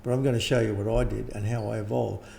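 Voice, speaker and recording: Older aussie guy rambling in an interview, keeps clearing his throat, gravelly voice. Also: lowish voice, fairly even intonation, fast talker, a little mellow, a little hiss or hum. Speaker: interviewed teacher. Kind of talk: casual conversation.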